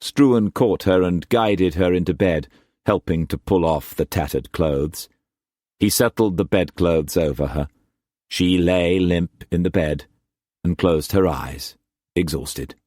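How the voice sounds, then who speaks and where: A man narrating an audiobook in a measured, expressive reading. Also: sits low, no room sound, clean studio sound.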